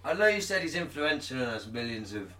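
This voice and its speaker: A man's voice: medium pitch, big pitch swings, a little fast, pushed and bright, roomy sound, distant mic. A man co-hosting a podcast in casual chat, rambling and sweary, often trailing off mid-thought. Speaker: podcast co-host.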